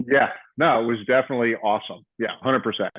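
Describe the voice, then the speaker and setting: A man's voice: mid-range voice, quick pace, no echo. A man in his fifties hosting a casual podcast, telling stories and acting out what others said. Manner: animated storyteller, acts out quotes. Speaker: podcast host, former wrestler. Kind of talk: casual storytelling chat. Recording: tinny phone-like call audio.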